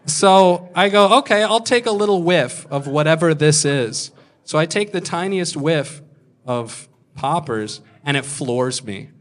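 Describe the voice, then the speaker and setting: A man in his twenties telling a crude story on stage as a stand-up comedian, deadpan with sudden shouted punchlines. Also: fairly high pitch. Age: 20s.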